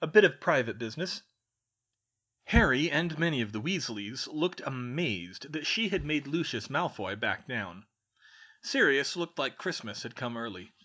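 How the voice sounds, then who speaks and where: Brief: man narrating a fan fiction story aloud, animated rise and fall, mid pitch. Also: unhurried. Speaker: audiobook reader.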